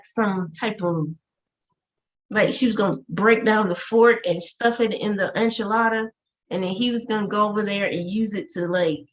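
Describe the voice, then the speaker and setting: A woman's voice: medium pitch, highs cut off. A woman co-hosting a casual TV review chat, throwing in wry, teasing remarks. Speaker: co-host.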